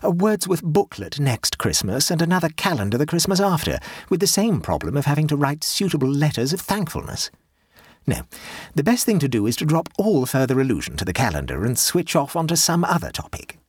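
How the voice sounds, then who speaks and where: A tired, sardonic Edwardian society wife, put on by a male reader in an audiobook. She speaks with weary defiance and a wry, husky edge. Her voice leaps high and low with lively scorn, close and dry. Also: fairly quick, dry recording. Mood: wearily defiant.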